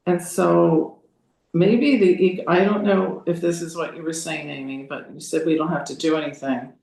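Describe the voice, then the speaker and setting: An older woman on a video call, sharing her spiritual reflections slowly, searching for words and restarting her sentences. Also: fairly low pitch, steady tone, gravelly, a little mellow. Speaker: group participant. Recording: roomy echo.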